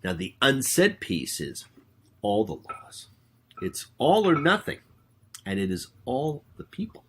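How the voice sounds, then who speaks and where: A man, a rabbi hosting his own show, giving a spoken sermon with emphatic, drawn-out words. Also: mid-range voice, wildly swooping pitch, slight background noise. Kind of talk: spoken sermon with prayer and sung hymn.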